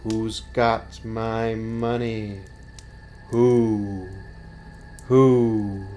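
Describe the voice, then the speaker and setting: A man voicing the ghost of a dead woman who slowly wails for her stolen coins. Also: lowish voice, level tone, warm tone, faint music behind. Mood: wailing. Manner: slow, drawn-out wailing cries.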